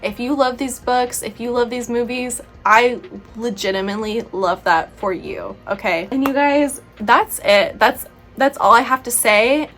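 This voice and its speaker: A woman's voice: a little high, unhurried, fairly bright tone, soft background music. A young woman vlogging casually to camera, chatty and playfully opinionated, full of "like" and "you know". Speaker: YouTuber reviewing books and films.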